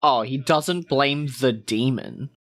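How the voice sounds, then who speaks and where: Man co-host, quick wry reactions, mid-pitched, dry close mic. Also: a bit bright, dry recording. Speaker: podcast co-host. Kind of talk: casual lore chat.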